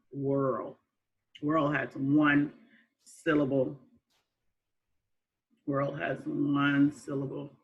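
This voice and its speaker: A woman teaching young children a phonics lesson, slow and patient, repeating words and praising them. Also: deep voice, fairly bright tone, dull audio. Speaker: kindergarten teacher.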